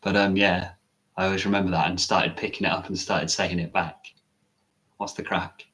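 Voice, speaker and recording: A man's voice: sits low, flat delivery, fairly quick, a bit bright. A man, a meditation teacher, chatting casually on a live stream, musing and correcting himself as he answers viewer comments.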